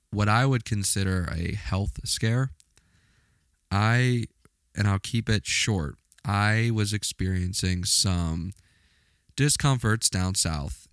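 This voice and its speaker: A man's voice: on the low side, no echo, studio quality. A man hosting his own podcast, talking casually and earnestly in a motivational way, often repeating himself for emphasis. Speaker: podcast host. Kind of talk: casual solo podcast talk.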